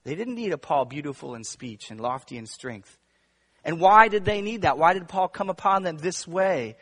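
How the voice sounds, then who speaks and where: Guy preaching, voice a bit high, goes from quiet to loud and pushy, long church echo behind. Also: animated, moderate pace. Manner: swings between hushed and emphatic. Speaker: pastor. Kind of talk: sermon. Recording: long reverb of a large room.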